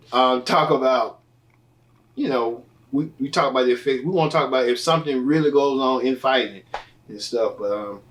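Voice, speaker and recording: A man's voice: medium pitch, fairly bright tone, far from the mic. A man hosting a casual entertainment news show, talking in a loose, rambling way with many fillers and restarts. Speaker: host.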